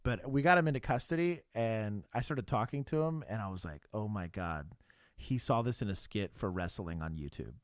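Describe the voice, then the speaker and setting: Blunt, swearing former cop on a livestream. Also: male voice, fairly low pitch, lively intonation, brisk, hardly any pauses, dry recording, clean studio sound. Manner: blunt storytelling with profanity and frequent laughs. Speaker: livestream co-host, former police officer. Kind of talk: casual livestream chat.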